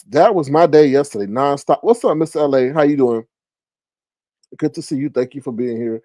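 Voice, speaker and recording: A man hosting a live stream, telling funny stories in a casual, profane, streetwise way and jumping into loud, high exclamations when he retells his reactions. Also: dry recording. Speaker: livestream host. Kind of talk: casual storytelling to a live chat.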